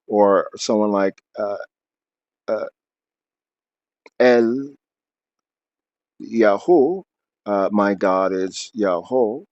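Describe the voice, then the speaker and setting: A man's voice: on the low side, a little mellow, dry recording. A man reading aloud from his book, then explaining at length off the cuff with many fillers and restarts.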